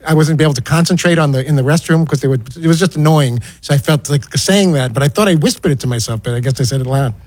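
A man with a New York accent telling a rambling story with lots of halting restarts. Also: fairly high pitch, darkish tone, no echo, poor audio. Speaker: radio show regular. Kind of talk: rambling anecdote.

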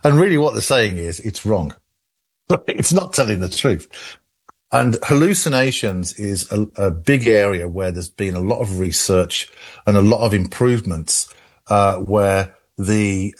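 An English man with a low, husky voice, talking through a question on a radio call-in show. He rambles, restarts his sentences and repeats words as he explains. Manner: rambling with many restarts and laughs. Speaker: AI expert guest.

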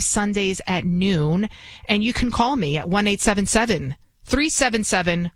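A woman's voice: mid-range voice, fairly bright tone, dry recording, low-quality recording. A woman in her forties, hosting a radio talk show with an indignant, ranting monologue. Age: 40s.

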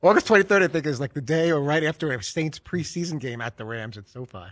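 Male co-host, slightly high voice, rapid delivery, dry studio; playful. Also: expressive, dry recording. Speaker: sports talk show co-host. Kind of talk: casual studio banter.

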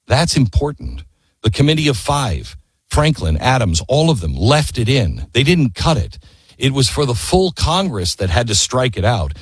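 Emphatic male storyteller, animated pitch. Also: moderate pace, husky, dry recording. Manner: emphatic storytelling, with quoted voices and rhetorical questions. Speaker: speaker. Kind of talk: impassioned history talk.

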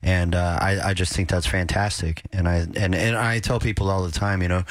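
Deep-voiced folksy radio garden host. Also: male voice, fairly even intonation, brisk, dry recording. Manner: friendly, folksy, repeats words. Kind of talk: call-in radio advice.

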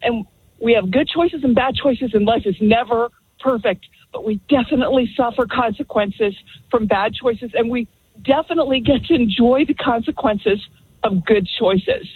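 A woman's voice: a little high, moderate pace, husky, no echo. Earnest woman calling in by phone. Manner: earnest and emphatic. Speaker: caller. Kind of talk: call-in radio talk. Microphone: telephone. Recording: tinny phone line.

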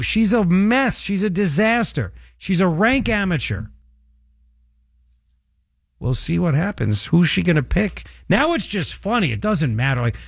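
A man with a high, sharply swinging voice hosts political talk radio. He mocks and needles his targets in a sarcastic commentary, recorded dry and close. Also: dry recording. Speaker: radio talk show host.

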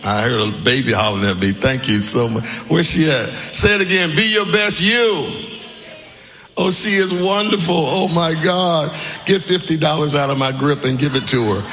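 A man preaching a sermon as pastor, calling on the congregation to answer back and shouting his key lines. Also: a little high, a little fast, long reverb tail. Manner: call-and-response preaching, often shouting emphatic lines. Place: church sanctuary with congregation.

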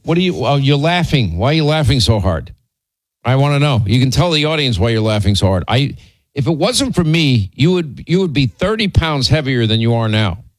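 A man on the air, spinning a rambling story and teasing his co-host, his voice sitting at a middle pitch. He stops and restarts his sentences often. The sound is close and dry, with no room echo. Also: sing-song, a little fast. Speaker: radio show host.

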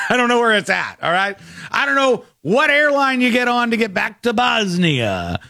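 A man's voice: extremely high pitch, sing-song, moderate pace, bright, forceful tone, no room sound, studio quality. A man hosting a talk show, commenting in a mocking, exasperated way. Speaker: show host.

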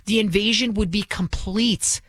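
A woman's voice: medium pitch, steady tone, a little slow, a bit bright, husky, no echo. A woman filling in as a talk radio host, delivering a combative, scornful monologue full of restarts and asides.

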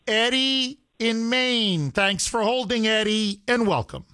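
A man's voice: very high voice, slow pace, sharp tone, clean tone, no echo, studio quality. A man hosting a call-in radio talk show, speaking in an emphatic, heated way and repeating himself as he pushes his points.

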